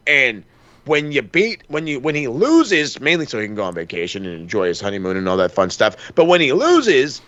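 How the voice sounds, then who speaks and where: Bright-voiced swearing wrestling podcast man. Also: mid-range voice, brisk, no echo, dull audio. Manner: rambling, profane, animated storytelling with quoted asides. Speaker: podcast co-host. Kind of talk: casual wrestling chat.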